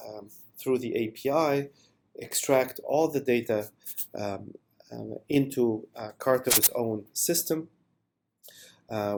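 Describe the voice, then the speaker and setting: A man presenting a software product demo in an unscripted voice-over, enthusiastic and with many fillers. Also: medium pitch.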